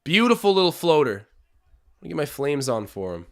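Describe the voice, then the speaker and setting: A young man from Canada hosting a live basketball watch-along, calling plays and chatting with his viewers, animated and swinging from hype to groans. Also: a little high, fairly quick, creaky. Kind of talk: excited live game commentary with chat.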